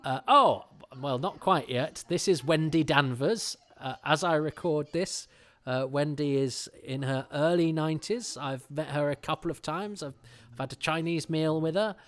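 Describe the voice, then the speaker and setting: A man's voice: fairly high pitch, moderate pace, a bit bright. A middle-aged man hosting a podcast, chatting casually in a rambling way with many restarts. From England. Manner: rambling, self-interrupting, with frequent fillers and restarts. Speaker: podcast host.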